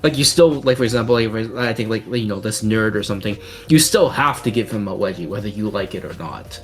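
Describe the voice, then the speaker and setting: A man's voice: fairly low pitch, expressive, a little fast, faint music behind. A young man co-hosting a podcast, chatting casually in a rambling, filler-heavy and teasing way. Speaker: podcast co-host. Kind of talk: casual chat.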